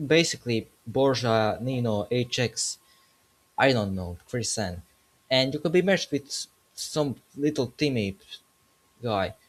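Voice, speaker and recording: A man making a casual gaming commentary video, joking as he goes and correcting himself mid-sentence. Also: mid-range voice.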